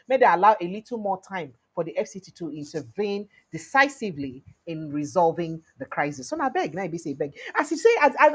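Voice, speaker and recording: A young woman with a Nigerian accent delivers animated news commentary, mixing pidgin with English. Her voice is a little husky and her pitch leaps around expressively as she retells events. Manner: animated, mixes pidgin and English, acts out quotes.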